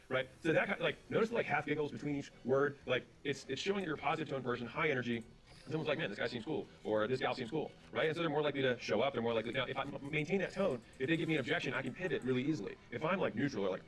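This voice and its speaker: Over faint background music, a medium-pitched male voice tells business and sales stories, acting out the exchanges in quoted dialogue. His retelling is quick and lively, and it leads into practical advice.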